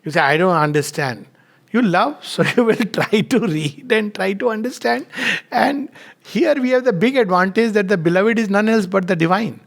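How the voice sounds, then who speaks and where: A man giving a reflective spiritual talk, telling anecdotes in an unhurried way and chuckling often. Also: high-pitched, creaky.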